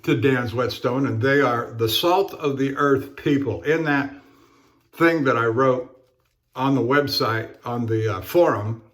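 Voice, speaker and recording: A man talking casually while he shaves, in a halting, rambling way with many fillers and restarts. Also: medium pitch. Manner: rambling storyteller. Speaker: straight razor shaving vlogger. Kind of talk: casual talk while shaving.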